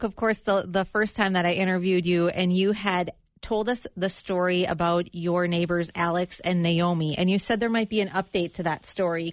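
A woman's voice: mid-range voice, no echo. Woman interview host, dry close sound. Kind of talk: faith interview.

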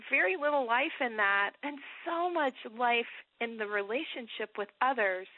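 Woman guest on a tinny phone line. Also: on the high side. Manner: animated, reflective, quick bursts with laughs. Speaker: author and guest. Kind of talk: Bible teaching in an interview.

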